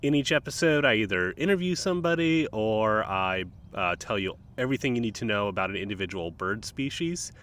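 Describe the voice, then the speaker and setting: A low-voiced man hosts his nature podcast in an easygoing, chatty way, sprinkling his talk with ums and uhs. He records outdoors at the water's edge in a park. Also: expressive, a little fast, hardly any pauses, fairly bright tone, a little hiss or hum. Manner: laid-back, rambling, frequent ums and uhs. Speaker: podcast host. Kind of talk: casual solo nature podcast.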